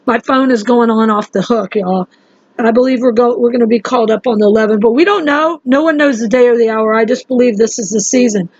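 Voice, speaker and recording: Woman vlogger, rambling and urgent, higher voice, dry lo-fi phone sound. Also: a little fast, darkish tone, no echo. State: sleep-deprived. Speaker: religious vlogger. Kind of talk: casual monologue to camera.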